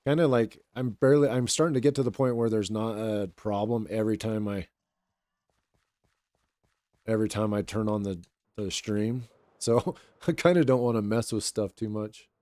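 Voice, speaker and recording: A young man streaming and chatting casually with viewers in a relaxed, rambling way, his voice a little raw today. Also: lowish voice, normal speed, dry recording. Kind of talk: casual live-stream chat.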